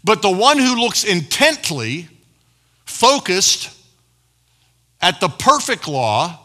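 A man preaching a sermon to a live congregation, with call-and-response asides, swinging between loud emphatic lines and quiet low asides. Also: very animated, slow pace. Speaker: pastor. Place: church hall before a live congregation.

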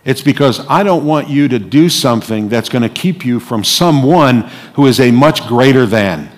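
A man preaching a sermon, dramatic, moving between hushed, quiet passages and loud, forceful lines. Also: mid-range voice, lively intonation, normal speed. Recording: long hall reverb.

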